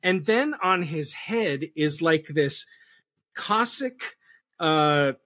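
Man, husky, slightly high voice, very lively, podcast guest, joking history talk, dry sound. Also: very slow, no room sound. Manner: animated, jokey, playful asides. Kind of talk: casual podcast chat.

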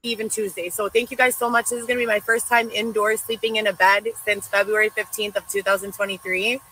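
A young pregnant woman talks in a rambling, effusive rush. Her voice is bright and forward, and a faint hiss of noise sits under it. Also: medium pitch, flat delivery, quick pace, rough recording. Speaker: streamer filmed in a played clip. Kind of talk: emotional thank-you video.

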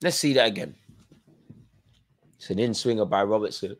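A man's voice: on the low side, moderate pace. Tired man doing a football watchalong. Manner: chatty running play-by-play with fan reactions. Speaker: watchalong host. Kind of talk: live football watchalong commentary.

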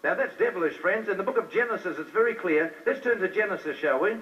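A man's voice: sits high, lively intonation, fast talker, a little hiss or hum. A man preaching a sermon with fervor, putting rhetorical questions straight to his listeners. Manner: fervent, talks straight to the crowd with rhetorical questions. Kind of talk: fiery sermon. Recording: dull lo-fi recording from a distance.

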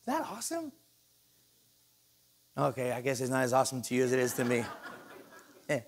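A male pastor preaching a sermon in a church, animated and joking, acting out the people he quotes. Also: medium pitch, brisk.

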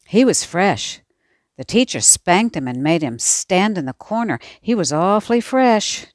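A woman voicing a cheeky, boastful kindergarten boy who talks in an excited, taunting way. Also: fairly low pitch, unhurried, no echo, clean studio sound, pitched above the performer's own voice. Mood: gleeful. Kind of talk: audiobook character voice.

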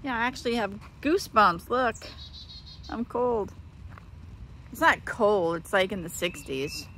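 A middle-aged woman vlogs casually from her backyard, chatting to viewers and calling to her cat. Her mid-range voice is a bit bright and unhurried, with slight background noise.

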